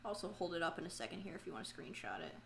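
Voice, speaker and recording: A woman live streaming as she paints a pumpkin, chatting casually to her viewers. She is self-mocking, swears freely and breaks into loud, frustrated outcries. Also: lowish voice, very animated, rapid-fire, vocal fry, a little hiss or hum.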